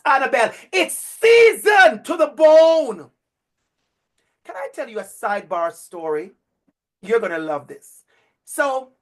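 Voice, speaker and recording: A man giving a lively storytelling talk to future educators. He repeats his phrases and speaks to listeners by name. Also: high voice. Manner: animated, repetitive, speaks directly to listeners by name.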